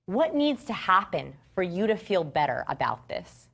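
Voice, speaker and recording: A woman's voice: on the low side, very animated, normal speed, creaky, a bit bright. A woman presenter teaching a live seminar from a stage, instructive and repeating key phrases. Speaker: workshop presenter. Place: stage before an audience.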